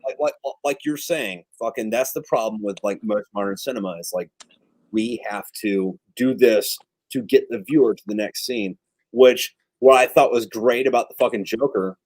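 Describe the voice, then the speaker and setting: A man's voice: fairly low pitch, normal speed, a little mellow, no room sound. A man in casual chat, telling long rambling stories and swearing freely. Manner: rambling, profane storytelling.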